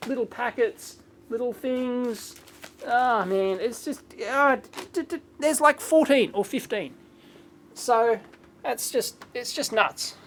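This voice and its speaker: Man, thirties, live-stream host, casual and rambling, clears throat a lot, faint room noise behind. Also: very high voice, slow pace. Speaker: electronics video host.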